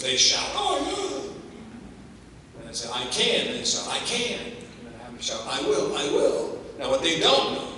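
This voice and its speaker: An older man giving an energetic motivational keynote to a staff convocation, throwing rhetorical questions at the crowd and stressing his points. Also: medium pitch. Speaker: motivational speaker. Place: large hall at a staff convocation. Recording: echoey hall, distant mic, faint noise.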